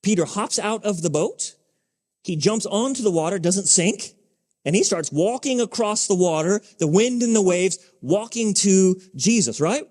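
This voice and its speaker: Guy pastor preaching in a big echoey church, fairly high voice, chatty storytelling w lots of questions. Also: expressive, normal speed, darkish tone. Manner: conversational storytelling with frequent restarts and rhetorical questions. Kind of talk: sermon. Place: church sanctuary. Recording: church hall with long reverb.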